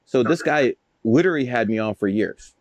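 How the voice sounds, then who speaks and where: A man's voice: medium pitch, expressive, a little fast, no echo, lo-fi sound. A man telling stories as a guest in a casual interview, boastful, profane and rambling. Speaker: guest, numerologist.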